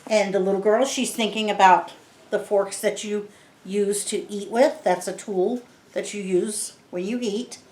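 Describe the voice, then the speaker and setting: A woman's voice: medium pitch, steady tone, measured pace, darkish tone. A woman reading a picture book aloud to children, patiently explaining each word in simple terms. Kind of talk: read-aloud lesson for kids. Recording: roomy echo.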